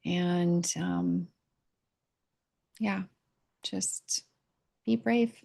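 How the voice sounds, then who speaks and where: Candid, gravelly-voiced woman reflecting aloud. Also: lowish voice, fairly even intonation, a little mellow. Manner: halting and candid, with many pauses and fillers. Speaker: vlogger sharing a personal reflection. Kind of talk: unscripted personal vlog. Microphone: camera mic.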